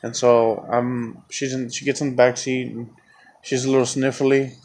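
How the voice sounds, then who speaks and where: A man's voice: mid-range voice, flat delivery, normal speed, darkish tone, a little hiss or hum. A man hosting his own podcast, telling a story in a casual, rambling, heavily profane way. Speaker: podcast host.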